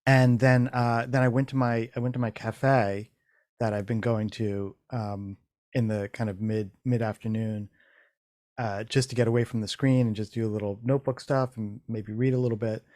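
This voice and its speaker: A man's voice: mid-range voice, steady tone, normal speed, a little mellow, dry recording, clean studio sound. A man hosting a casual chat, telling a rambling story full of restarts and swearing, acting out his own thoughts in quotes. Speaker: podcast host.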